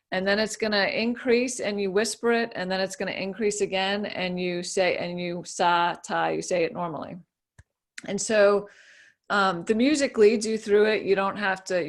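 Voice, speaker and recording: A woman giving a casual, easygoing explanation as a guest speaker, with many fillers and restarts. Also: medium pitch.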